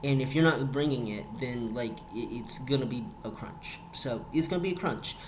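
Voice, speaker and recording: A man's voice: medium pitch, moderate pace, background noise. A young man reviewing a reality show episode in a casual vlog, rambling, repeating words and building into emphatic rants.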